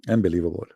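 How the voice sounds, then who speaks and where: A man hosting a live debate stream, tired and hoarse, talking in a sarcastic, taunting way. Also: deep voice, a bit bright, no room sound, clean studio sound. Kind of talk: casual mocking live-stream talk. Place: quiet room at home.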